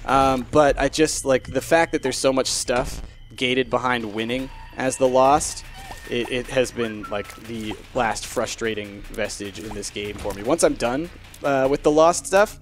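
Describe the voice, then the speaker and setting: A man talks his way through a video game run, mid-pitched and chatty. He drops to a hush when he concentrates and swears out loud when it goes wrong, with soft game music underneath. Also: a little slow. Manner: chatty, swearing, swings from hushed focus to loud frustration. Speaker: gameplay commentator. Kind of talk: live gameplay commentary.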